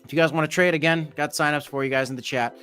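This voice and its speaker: A man's voice: a little high, steady tone, fast talker, fairly bright tone, faint music behind. A man hosting a casual livestream, reading chat comments aloud in a loose, jokey, rambling way. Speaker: host of a crypto livestream.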